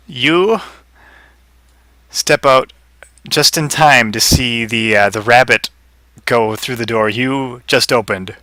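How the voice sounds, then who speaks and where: A man's voice: medium pitch, slow, long pauses, pushed and bright, dry recording. A man narrating as game master of a tabletop game, loose and chuckling.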